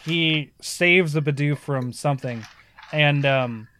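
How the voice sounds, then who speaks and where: A man hosting a casual gaming podcast, telling stories in an animated way with lots of "like" and "um". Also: on the high side, slow pace, clean tone. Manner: animated storyteller, frequent "like" and "um". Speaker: podcast host.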